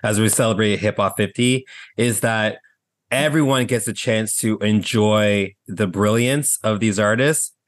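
A man co-hosting a podcast in casual chat, relaxed and thoughtful. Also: lowish voice, measured pace, no echo. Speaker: podcast co-host. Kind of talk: casual chat reviewing music.

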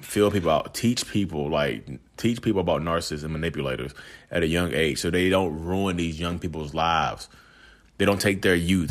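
A man's voice: low voice, fairly bright tone. A young adult man venting to his viewers in a casual vlog, heated and exasperated. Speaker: vlogger.

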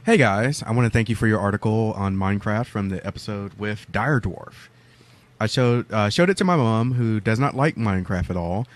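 A man's voice: lowish voice, moderate pace. Dry-humored man from the southern US. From southern United States. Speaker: podcast co-host. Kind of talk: casual banter, reading listener mail.

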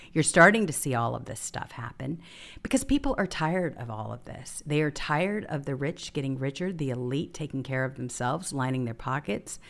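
A woman hosting a political talk show, giving sarcastic, emphatic opinion commentary. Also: very deep voice.

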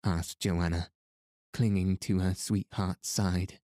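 A male audiobook narrator telling an old tale in a measured, steady way. His voice is deep with very little melody, and the pace is unhurried. It is recorded close and dry. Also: no echo. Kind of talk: scripted narration.

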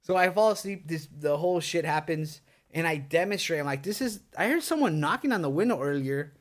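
A man's voice: a little high, expressive, brisk. A middle-aged man telling a spooky story on a podcast, rambling and swearing, full of likes and dudes. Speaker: podcast co-host. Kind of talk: casual storytelling among friends. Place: indoor podcast setup.

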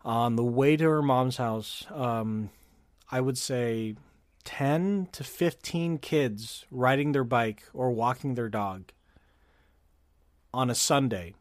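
A man's voice: medium pitch, slow pace, no echo, clean studio sound. A man from California chatting casually on a podcast, rambling with fillers and restarts. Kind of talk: casual chat.

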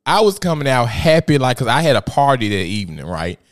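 Animated, profane man chatting. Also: a little fast. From Memphis, Tennessee. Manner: animated, profane storytelling with sudden high-pitched outbursts. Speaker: podcast host. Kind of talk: casual profane chat.

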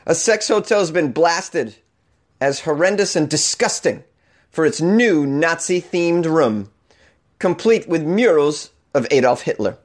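A comedian with a Boston accent hosts a news show and riffs on stories in a sarcastic, mock-outraged way. His voice sits a little high, and he often laughs at his own jokes. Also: animated, unhurried. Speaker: comedian podcast host.

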